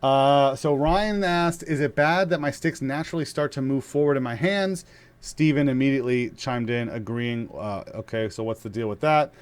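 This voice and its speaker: A man who is a father of young children, teaching drums in a relaxed, chatty way with many fillers and restarts. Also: mid-range voice, moderate pace, smooth. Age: young adult to middle-aged, father of young kids. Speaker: drum teacher. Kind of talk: casual spoken drum lesson.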